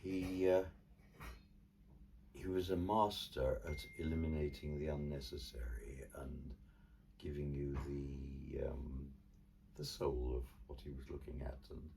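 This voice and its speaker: A man's voice: rumbling low, normal speed, mellow, slight background noise. An older man from Cornwall, an artist and ventriloquist, telling stories in a theatrical, wry way during a casual chat. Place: indoors in his home studio. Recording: distant mic, faint room ambience.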